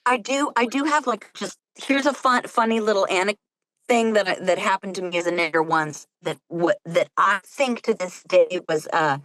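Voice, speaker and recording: A woman audiobook narrator as a guest in a casual chat, rambling and self-mocking, acting out quotes with sudden high jumps. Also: normal speed, a bit bright, dry recording, low-quality recording.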